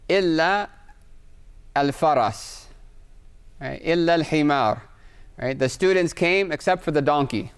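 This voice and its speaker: A man teaching a grammar lesson, talking at a medium pitch in a smooth, clear voice. He explains patiently, reads out Arabic phrases and keeps checking in with "right?". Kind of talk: live online class lecture with Q&A.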